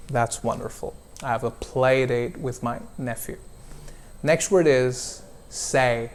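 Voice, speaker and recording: A male pronunciation coach speaks at a slow, unhurried pace. He draws out each vowel sound as he models words for a student. His pitch sits in a plain middle range. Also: steady tone, a little hiss or hum. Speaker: accent coach. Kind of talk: one-on-one pronunciation lesson.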